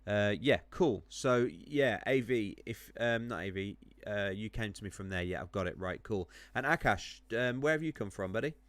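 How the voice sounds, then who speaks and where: A man's voice: fairly low pitch, expressive, normal speed, few pauses, dry recording. A man running a live stream on crypto charts, chatting with viewers, rambling with many ums and self-corrections while clicking around.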